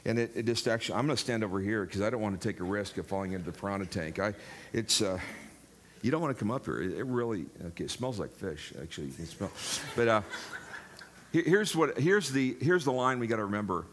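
A man's voice: fairly low pitch, animated, quick pace, slight background noise. An older man preaching a sermon in a jokey, rambling way, talking straight to the congregation. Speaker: pastor.

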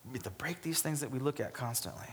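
A man's voice: mid-range voice, animated, fast talker, fairly bright tone, in a large hall, slight background noise. A man preaching a sermon as pastor, talking emphatically and acting out the voices in the stories he tells. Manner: emphatic, acts out quoted dialogue.

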